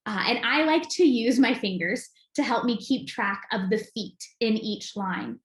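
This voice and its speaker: A woman giving an enthusiastic, clear recorded lesson as an acting teacher. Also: on the high side, animated, a little slow, few pauses, reverberant.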